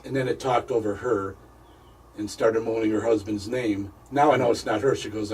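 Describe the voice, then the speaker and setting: A man, a paranormal investigator, telling a personal story as a radio interview guest, halting and repeating words as he goes. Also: fairly low pitch, steady tone, a little mellow, recorded from a distance, a little hiss or hum, poor audio.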